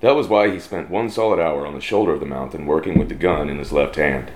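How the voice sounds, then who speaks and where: Very deep-voiced Texan man reading a western. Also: fast talker. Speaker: story reader. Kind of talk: reading a western story aloud.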